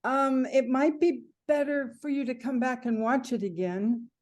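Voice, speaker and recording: Writing teacher lady on a video call, casual, kinda high voice, lots of ums. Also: darkish tone. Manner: casual, halting, with fillers. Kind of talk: leading a class discussion.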